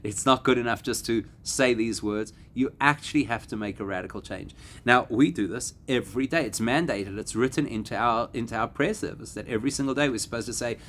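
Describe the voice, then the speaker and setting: A man, a rabbi, giving a Torah class to a live audience, animated and climbing to emphatic peaks. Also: mid-range voice, brisk, slight background noise. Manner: animated, rising to emphatic peaks and acting out quoted voices.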